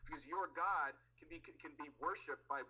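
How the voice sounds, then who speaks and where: A man's voice: on the high side, moderate pace, bright, forceful tone, husky. A young man in a heated online debate, lecturing in an exasperated tone and swearing often. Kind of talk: heated live-stream debate.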